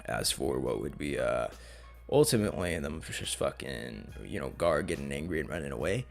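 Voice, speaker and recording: Gravelly, profane young-sounding storyteller man. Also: a bass voice, lively intonation, normal speed, faint music behind. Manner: profane, rambling, slangy. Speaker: channel host. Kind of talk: casual what-if story narration.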